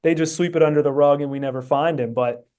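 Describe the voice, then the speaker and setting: Earnest man with a mellow voice. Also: fairly high pitch, fast. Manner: earnest, rambling reasoning with many fillers. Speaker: podcast guest. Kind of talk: casual chat.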